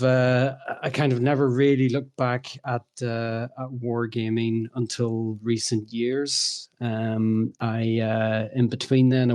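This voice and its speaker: An Irish man talking as a guest on a podcast, joking and filling pauses with "uh" and "um", heard over a remote call. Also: mid-range voice, a little mellow. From Ireland. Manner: joking, lots of "uh" and "um". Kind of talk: casual chat.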